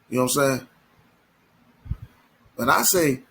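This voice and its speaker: Guy w ranting on his channel, lively swingy pitch, repeats himself a lot. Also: a little fast, pauses often, breathy edge, low-quality recording. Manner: emphatic, repetitive, slangy, many restarts. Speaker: commentary channel host. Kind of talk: opinionated commentary monologue.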